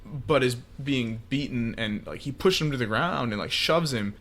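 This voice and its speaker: A man co-hosting a podcast, calmly explaining story context in a casual film discussion. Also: medium pitch, normal speed. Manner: explains context and draws thoughtful comparisons, with frequent fillers. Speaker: podcast co-host.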